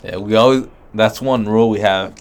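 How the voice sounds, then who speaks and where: A man's voice: fairly low pitch, steady tone, fairly quick, a little hiss or hum. A young man from Southern California co-hosting a podcast, hyping the show in casual banter. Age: young adult. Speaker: podcast co-host.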